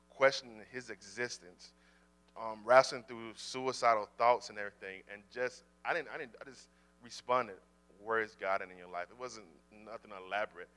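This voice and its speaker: A man in full-time ministry telling a personal faith story in a casual, animated way, often repeating words. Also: fairly low pitch, clean tone.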